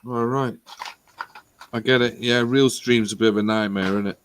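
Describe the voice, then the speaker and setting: A man's voice: mid-range voice, fairly even intonation, moderate pace, a little hiss or hum. A man in casual banter on a live stream, sweary and rambling, often laughing.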